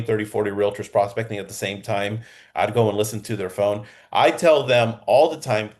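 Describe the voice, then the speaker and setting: A man with a fairly low voice teaches real estate agents in a loose, energetic lesson. He talks like he is chatting with the room and keeps tossing in a quick "okay?" to check that the point landed. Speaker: real estate sales coach. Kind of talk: coaching lesson. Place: Southern California.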